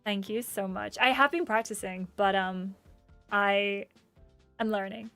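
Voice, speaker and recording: A woman's voice: mid-range voice, fairly even intonation, fairly bright tone, soft background music. A young woman with an English accent, chatting casually with her livestream viewers and reading their comments aloud in a bubbly, talkative way. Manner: bubbly and chatty, quick laughs and gasps. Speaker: gaming streamer.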